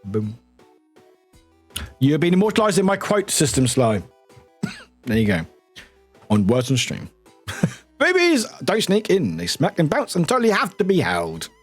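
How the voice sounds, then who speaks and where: A man's voice: a little high, wildly swooping pitch, a little slow, long pauses, breathy edge. A man from the United Kingdom, a streamer, chatting casually with viewers, laughing often, swearing and reading chat aloud. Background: faint background music.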